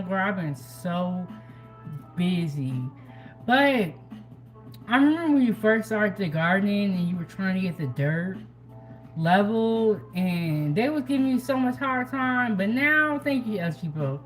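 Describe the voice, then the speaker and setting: Chatty woman hosting a cooking livestream. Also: fairly high pitch. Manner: chatty, animated, reads out and answers viewer comments. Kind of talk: casual live-stream chat with viewers.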